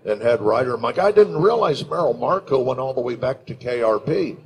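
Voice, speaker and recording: An older man on a convention panel, animated and storytelling, who drops into announcer and character voices. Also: medium pitch, fairly quick, creaky, a little hiss or hum, poor audio. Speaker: voice actor and panel guest. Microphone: handheld microphone.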